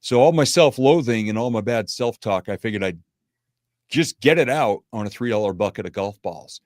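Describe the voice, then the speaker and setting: Guest: middle-aged man, steady self-deprecating storyteller, mid-pitched voice, dry sound. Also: moderate pace, no room sound. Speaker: podcast guest. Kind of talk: interview storytelling.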